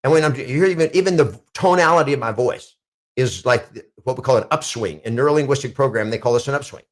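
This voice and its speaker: A man's voice: mid-range voice, quick pace. Emphatic male real estate coach. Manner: emphatic, repeats declarations with rising intensity. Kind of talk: motivational coaching talk.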